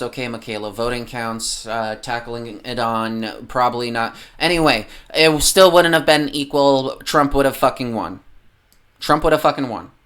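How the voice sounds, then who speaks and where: On a livestream, a man whose voice is on the low side yet a little bright goes off on a profane political tirade. His rant wanders, he curses constantly, and he keeps losing track of what he was saying.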